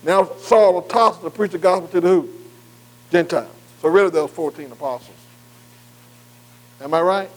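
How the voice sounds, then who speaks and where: High-pitched male preacher, call-and-response sermon, keeps asking "am I right", reads verses slowly. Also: rough recording. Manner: repeatedly asks "am I right?"; reads scripture slowly and deliberately.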